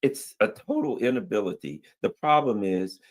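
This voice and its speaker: A man's voice: fairly low pitch, sing-song, moderate pace. A man in a heated political discussion, talking in an indignant, sarcastic and emphatic way.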